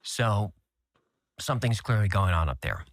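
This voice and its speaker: A man's voice: lowish voice, sing-song, moderate pace, no room sound. A man speaking as a guest in an interview clip, telling a story in a matter-of-fact way. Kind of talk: interview talk.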